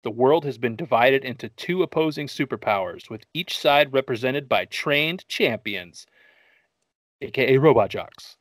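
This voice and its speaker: A man's voice: medium pitch, lively intonation, normal speed, no room sound. Joking, swearing man with a dry, close sound. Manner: joking, profane, rambling. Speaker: podcast host. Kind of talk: casual movie-review chat.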